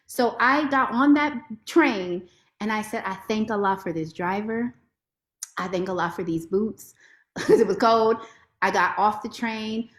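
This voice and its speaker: Expressive woman, echoey room. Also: on the high side. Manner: expressive, heartfelt storytelling. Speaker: lawyer and podcast guest. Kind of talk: personal testimony in conversation. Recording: roomy echo.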